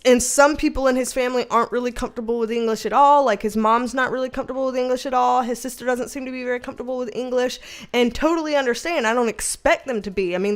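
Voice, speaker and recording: With a fairly high, clear and resonant voice, a young adult woman from the US reads out her livestream chat. She's a little tipsy, giggling and rambling through a casual session, swearing freely as she goes.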